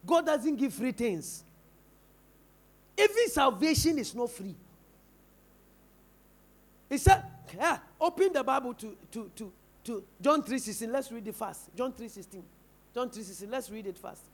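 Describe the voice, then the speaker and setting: A man's voice: very high voice, expressive, measured pace, pauses often. A man with a Ghanaian English accent preaching a sermon in church, firing rhetorical questions at the congregation. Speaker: pastor.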